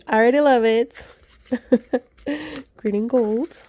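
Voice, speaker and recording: A woman chatting excitedly to her viewers as she unboxes gifts, gushing and talking to her audience. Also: a little high, moderate pace, no room sound. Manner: gushing, chatty, many gasps and asides to viewers. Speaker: vlogger.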